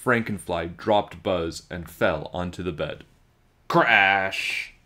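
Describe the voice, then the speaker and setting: A man reading a children's storybook aloud, with slow, expressive storytelling. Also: deep voice. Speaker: children's book reader.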